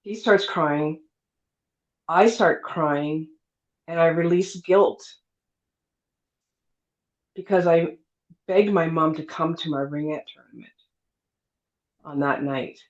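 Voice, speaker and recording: A woman's voice: low voice, takes it slowly, pauses often. A middle-aged woman tells a personal story to an interviewer at an easy, casual pace. She slips into the voices of the people she quotes and leans on fillers like "you know" and "um". The recording is a bit dull and lo-fi. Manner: lively storyteller, acts out quoted dialogue, many fillers. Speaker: guest telling her near-death story. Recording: dull lo-fi sound.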